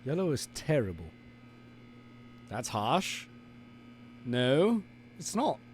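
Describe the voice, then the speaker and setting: A man's voice: medium pitch, very animated, slow pace, a little hiss or hum. A male streamer chatting casually and playfully with his audience, teasing and theatrically indignant. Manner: playful, theatrical, bickering with chat. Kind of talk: casual live-stream chat.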